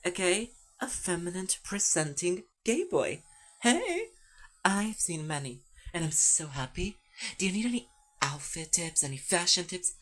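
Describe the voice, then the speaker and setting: A woman voicing a glamorous, sassy trans woman diva who gushes in excited slang. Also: lowish voice, a little slow, full character voice. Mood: gushing.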